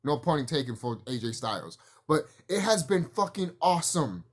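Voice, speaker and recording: Man, casual rant, lively swooping pitch, profane, rambling, restarts, laughs often. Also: moderate pace, breathy edge. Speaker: wrestling commentary vlogger.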